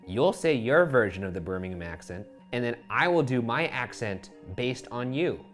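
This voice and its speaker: Animated, laughing young man co-host. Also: mid-range voice, normal speed, faint music behind. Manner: playful, laughs often, animated. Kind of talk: casual banter.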